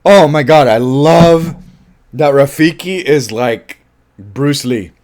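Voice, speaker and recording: A man casually reviewing a film, animated and laughing often, with offhand swearing. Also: on the high side, takes it slowly. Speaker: movie reviewer.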